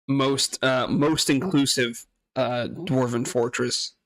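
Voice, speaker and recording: Slow, rambling man playing a game. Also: medium pitch, vocal fry, fairly bright tone, dry recording, clean studio sound. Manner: rambling, hesitant, laughs often, swears. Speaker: gaming streamer. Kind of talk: casual gameplay commentary.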